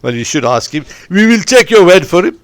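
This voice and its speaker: A man hosting a podcast who keeps cutting in with loud, excitable, teasing remarks. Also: sits high, brisk, no echo. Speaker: podcast host. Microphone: podcast microphone.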